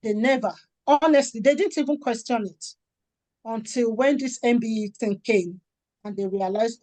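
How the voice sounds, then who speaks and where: A middle-aged woman from Nigeria, a charity founder and author, talking in an interview and acting out the dialogue in her stories with lively energy. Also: on the high side, moderate pace, no echo. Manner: animated storytelling, acts out quoted dialogue. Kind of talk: conversational interview.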